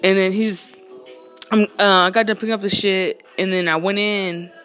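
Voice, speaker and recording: Woman, casual vlog storyteller, animated and profane, mid-range voice. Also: medium pitch, normal speed, faint music behind. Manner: animated, indignant, profane, slangy. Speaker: storyteller recounting a neighbor dispute.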